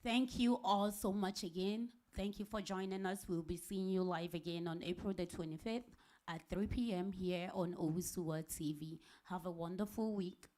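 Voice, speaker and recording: A woman's voice: on the low side, darkish tone. A woman from Ghana hosting a live talk show, upbeat and repeating details, often laughing.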